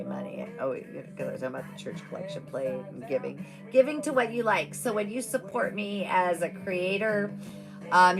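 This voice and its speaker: Chatty woman with a gravelly voice. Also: fairly low pitch. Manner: rambling, chatty, frequent fillers. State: scratchy throat. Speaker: live streamer. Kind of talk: casual live-stream chat. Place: at home at a table. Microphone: device mic without boom arm.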